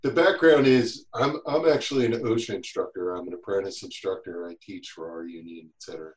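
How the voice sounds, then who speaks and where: A man's voice: low voice, a little fast. Chatty man in an echoey room. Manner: animated storyteller, acts out quotes. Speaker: guest, safety instructor. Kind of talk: casual podcast chat.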